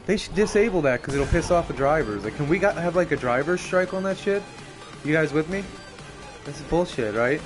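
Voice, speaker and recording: A young man giving casual, profane live commentary on a racing game, excitable and often laughing. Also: fairly high pitch, a little fast, music in the background. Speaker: streamer.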